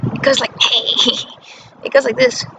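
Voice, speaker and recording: Woman rambling to camera, gravelly voice, lots of restarts and nervous laughs, noisy background. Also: on the high side, level tone, slow pace. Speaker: vlogger. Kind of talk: rambling personal monologue. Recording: muffled lo-fi with clear background noise.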